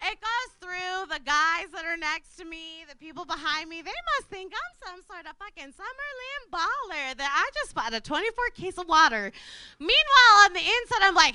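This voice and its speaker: A woman's voice: very high-pitched, sing-song, moderate pace, bright, forceful tone. A woman telling a comic story about herself, rambling, laughing often and swearing casually.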